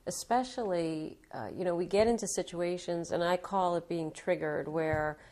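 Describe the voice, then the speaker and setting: A woman's voice: on the low side, moderate pace, a little mellow. A woman being interviewed as an author in a TV studio, explaining her ideas fluently and acting out little examples. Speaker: author and guest. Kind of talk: interview conversation. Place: local TV studio.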